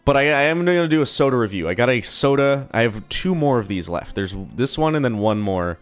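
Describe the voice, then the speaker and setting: A young man streaming from home, chatting casually in a rambling, profane, self-deprecating way, his voice a little low from being slightly sick. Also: lively intonation, fairly quick, clear, resonant tone, faint music behind. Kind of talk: casual live-stream chat.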